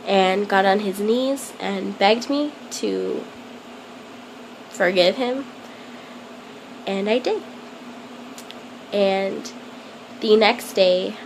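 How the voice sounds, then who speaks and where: A young woman telling a personal story to camera in a hesitant, halting way, full of ums. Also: mid-range voice, creaky, a little hiss or hum, poor audio. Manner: plain confessional telling. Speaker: vlogger.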